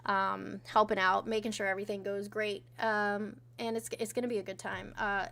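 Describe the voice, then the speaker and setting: A woman's mid-range voice has vocal fry, a fairly bright tone, and little pitch movement at a moderate pace. On a casual livestream she co-hosts, she chats offhandedly with plenty of swearing and reads viewer chat messages aloud.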